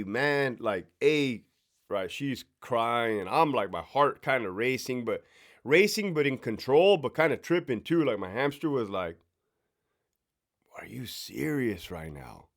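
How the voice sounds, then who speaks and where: Regular-pitched dude telling a story casually, swears a lot, keeps saying "right?", goes quiet and hushed a lot. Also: male voice. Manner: slangy and profane, tags lines with "right?", drops to hushed tones. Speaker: prison officer and crisis negotiator telling a story.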